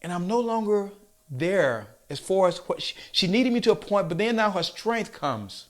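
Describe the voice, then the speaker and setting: Guy giving a motivational talk, bit higher voice, earnest and coaxing, slows way down on the big points. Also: big pitch swings. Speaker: motivational speaker.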